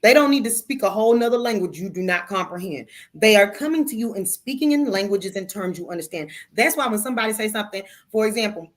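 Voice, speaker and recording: A woman's voice: mid-range voice, animated, quick pace, few pauses. A woman hosting a spiritual talk show, speaking emphatically and a little preachily, with playful cursing and calling listeners "baby".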